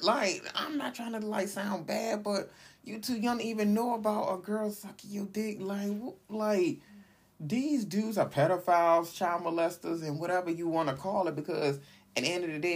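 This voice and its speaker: Husky guy doing a solo podcast rant, blunt and fired up, rambles, says like a lot. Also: high voice. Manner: opinionated, rambling, heavy use of "like"; blunt and indignant. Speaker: podcast host.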